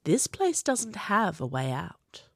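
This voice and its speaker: A woman's voice: big pitch swings, slow, dry recording, clean studio sound, full character voice. Woman doing a sly, purring young man. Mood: teasing. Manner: soft, teasing, low.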